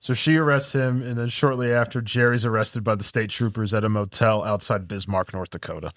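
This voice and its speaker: A man's voice: fairly low pitch, steady tone, fairly quick, a bit bright. A man co-hosting a podcast, casually retelling film scenes and acting out the characters' lines with laughs. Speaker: podcast co-host. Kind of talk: casual film review chat.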